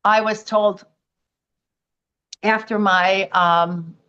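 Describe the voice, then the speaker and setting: A woman's voice: mid-range voice, very slow, clean tone, highs cut off. A woman from the United States, a podcast guest telling a personal story and acting out the voices of other people. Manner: animated storytelling, acts out quoted voices.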